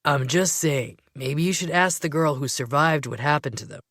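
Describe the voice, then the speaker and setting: A woman voicing a laid-back, teasing young man who speaks in a slow drawl, in a dry, close recording. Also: deep voice, a bit bright, no echo.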